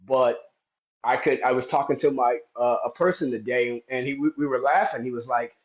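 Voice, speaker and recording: A man's voice: mid-range voice, fairly even intonation, normal speed, lo-fi sound. A man hosting a live stream, talking in a rambling, heated way with many restarts. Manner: heated, indignant storytelling.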